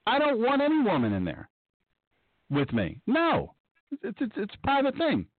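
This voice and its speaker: A man hosting a radio show and preaching in an excitable, animated monologue, sometimes mocking others in a high voice. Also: moderate pace, no room sound. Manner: excitable, breaks into mocking high-pitched impressions. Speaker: radio show host and pastor. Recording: tinny phone-line sound.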